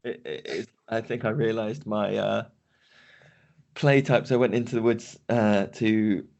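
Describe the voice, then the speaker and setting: A man co-hosting a podcast, talking in a reflective, halting way in casual chat. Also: on the low side, gravelly, darkish tone, muffled recording. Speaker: podcast co-host.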